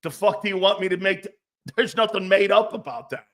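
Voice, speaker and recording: A man hosting a casual sports talk show, blunt and animated, swearing freely. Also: high-pitched, a little fast.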